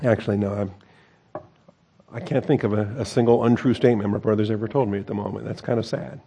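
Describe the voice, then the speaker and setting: A man teaching through a Bible passage, reading it aloud and then talking it over in a loose, conversational way. His voice is mellow and relaxed, and he drops in wry, self-correcting asides between the verses. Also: on the low side, fast talker, creaky.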